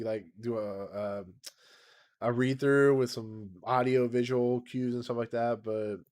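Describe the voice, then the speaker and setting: A man in his thirties, slightly raspy, rambles through a casual home livestream at a middling pitch. He laughs often and pokes fun at himself as he talks. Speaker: channel host.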